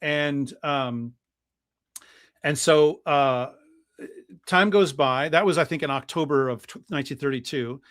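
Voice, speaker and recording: Man, priest, storytelling, slightly higher voice, dry close sound, lots of ums and restarts. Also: unhurried, long pauses, fairly bright tone, no room sound. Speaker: guest priest. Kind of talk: storytelling history talk.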